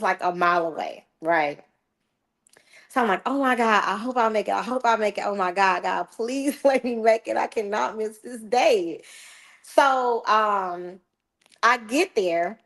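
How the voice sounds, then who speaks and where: A middle-aged woman hosting a podcast, retelling a travel mishap in a casual, animated and exasperated way, with laughs. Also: fairly low pitch. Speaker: podcast host. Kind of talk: casual storytelling.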